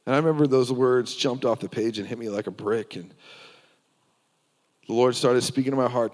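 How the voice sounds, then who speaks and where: A man's voice: mid-range voice, steady tone, moderate pace, long pauses, a little mellow, in a large hall. A man preaching, telling his personal testimony in an earnest storytelling way.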